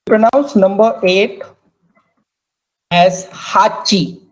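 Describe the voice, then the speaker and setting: A woman teaching a language class, repeating each word slowly and drilling pronunciation. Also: mid-range voice, rough recording. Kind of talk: slow, careful language lesson.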